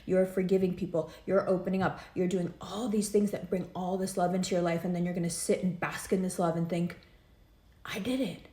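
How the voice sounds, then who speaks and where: A woman's voice: fairly low pitch, little pitch movement, brisk, few pauses, warm tone, echoey room. A woman giving a casual, earnest tarot reading, emotional and rambling as she talks straight to the listener. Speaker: tarot reader.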